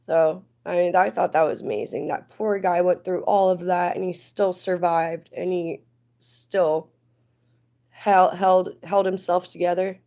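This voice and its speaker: A woman's voice: on the low side, steady tone, unhurried, mellow. Chatty woman streaming casually. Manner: chatty, rambling, indignant at times. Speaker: livestreamer. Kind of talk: casual live stream chat.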